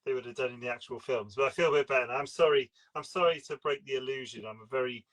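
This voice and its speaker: A man talks loosely about favourite film scenes and laughs often. His voice sits in the middle range and has a bright edge. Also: medium pitch, fast, poor audio. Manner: chatty, apologetic, laughs often. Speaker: podcast co-host. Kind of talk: casual film chat.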